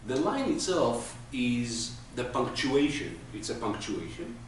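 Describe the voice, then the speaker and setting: A man's voice: mid-range voice, very animated, a little slow. A man teaching a class, patiently explaining with everyday examples. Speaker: Hebrew teacher. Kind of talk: classroom lesson. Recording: echoey room from far off, faint noise.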